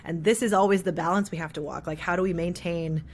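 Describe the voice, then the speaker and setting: A trans non-binary voice teacher in an interview, explaining how voices are shaped and demonstrating pitch and resonance shifts. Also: steady tone, quick pace, slight background noise.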